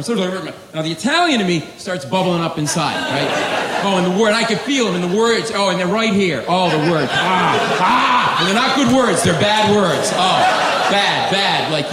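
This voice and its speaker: A man performing a stand-up set on a club stage, loud and animated, yelling his punchlines. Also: high voice, normal speed. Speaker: stand-up comedian. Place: comedy club stage with a live audience. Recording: echoey club, loud crowd noise.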